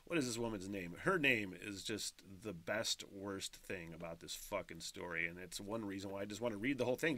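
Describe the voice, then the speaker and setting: A man's voice: mid-range voice, bright, forceful tone, dry recording. A man hosting a casual solo podcast, ranting, swearing and laughing as he talks. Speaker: podcast host.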